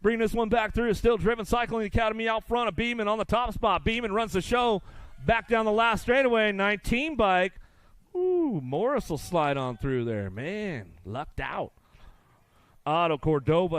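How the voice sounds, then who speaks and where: Male race announcer, upbeat play-by-play with joking asides, smooth and fairly high voice, dry close sound. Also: no room sound. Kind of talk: live race commentary. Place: outdoor race track.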